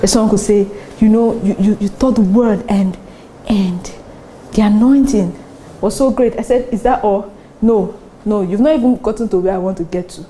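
A Nigerian woman pastor preaching a sermon, animated and often laughing between her points. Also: mid-range voice, moderate pace, slight background noise. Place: church service with congregation responding.

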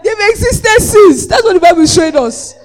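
A preacher giving a lively sermon, acting out the voices in the story, laughing often and asking the congregation whether they follow. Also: very high-pitched, fairly quick. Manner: asks the congregation "Are we together?".

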